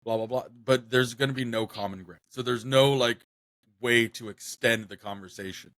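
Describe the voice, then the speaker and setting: A man's voice: mid-range voice, steady tone, normal speed, a bit bright, dry recording. Rambling young man on a dry mic. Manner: rambling, many fillers and restarts. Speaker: podcast co-host. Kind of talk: casual podcast chat.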